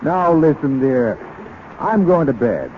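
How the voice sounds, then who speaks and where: A man's voice: mid-range voice, big pitch swings, slow pace, a little hiss or hum. A man playing a meek, put-upon husband in a radio comedy sketch, protesting plaintively, on a tinny 1930s broadcast.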